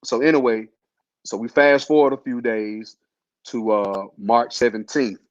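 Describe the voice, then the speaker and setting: A man's voice: mid-range voice, fairly even intonation, unhurried, dry recording. Laid-back slangy man, dull lo-fi sound. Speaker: host telling his illness story. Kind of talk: casual storytelling chat.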